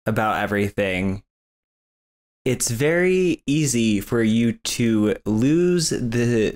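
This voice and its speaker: A man hosting a reaction commentary, talking in an exasperated, sarcastic, lecturing way. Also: fairly low pitch. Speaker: commentary host.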